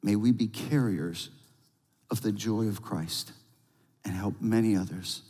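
A male pastor delivering a sermon, telling a lively story and then leading a quiet prayer. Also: fairly low pitch, measured pace. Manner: storytelling with rising excitement, then hushed prayer. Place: church sanctuary. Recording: long reverb of a large hall.

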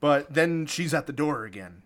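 A man's voice: on the high side, lively intonation, normal speed, a bit bright. A man casually recapping a movie on a podcast, chatty and amused, laughing often. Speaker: podcast co-host recapping a film. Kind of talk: casual chat.

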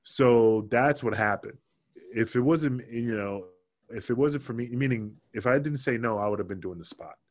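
Speaking at a moderate pace in a medium-pitched voice, this man, once a wrestler, spins animated stories in a relaxed interview, cursing a lot and performing other people's quotes.

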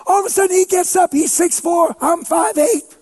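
A preacher telling a story in a sermon, animated and funny, breaking into shouts for emphasis and poking fun at himself. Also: male voice, very high-pitched, moderate pace. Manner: animated, shouts for emphasis, playful self-mocking humor.

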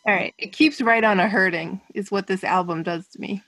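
A woman's voice: medium pitch, fairly quick, a bit bright, dry recording, rough recording. A woman co-hosting a casual podcast chat, wry and self-mocking. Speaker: podcast co-host.

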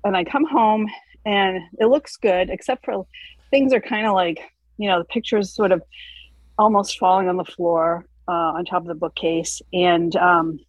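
A woman calling in with a question, out of breath, talking in a hesitant, rambling way with many pauses. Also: lowish voice, steady tone, no room sound, low-quality recording. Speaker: caller. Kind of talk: casual question on a call.

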